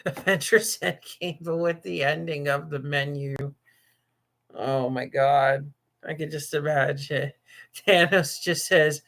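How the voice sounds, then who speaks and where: A man's voice: fairly high pitch, fairly even intonation, slow, creaky, a bit bright. A man hosting a casual livestream, talking in a rambling, jokey way, often laughing and restarting. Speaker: livestream host.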